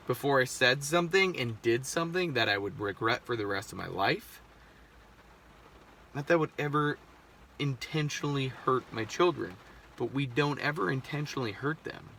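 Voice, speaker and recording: A man's voice: medium pitch, sharp tone, slight background noise. A man in his thirties, a parent of a seven-year-old, talking candidly in a casual, rambling monologue with swearing and frequent restarts. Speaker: podcast host.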